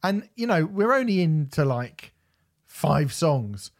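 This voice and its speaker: A man's voice: on the high side, big pitch swings, takes it slowly. A man, ranting and swearing as a podcast co-host in a casual album review.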